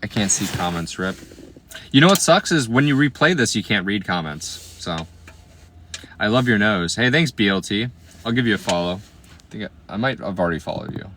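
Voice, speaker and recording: A man in his late twenties from Iowa, hosting a casual livestream and riffing on viewer comments. His voice sits a little low but sounds bright and forward, and his talk is playful and slangy, often dropping to quiet asides. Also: lively intonation, moderate pace, slight background noise. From Iowa, USA. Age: 20s.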